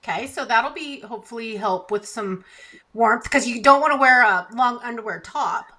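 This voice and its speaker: A woman's voice: on the high side, pushed and bright. A woman co-hosting a casual chat podcast, teasing and laughing often as she talks. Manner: giggly, teasing, slow-talking. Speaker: podcast co-host.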